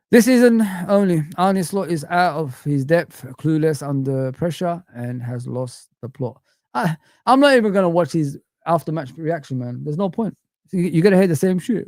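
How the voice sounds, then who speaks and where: A man's voice: on the high side, lively intonation, moderate pace, darkish tone, no room sound. Young male streamer, exasperated swearing rant, dry close mic. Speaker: fan channel livestream host. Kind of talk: casual livestream rant.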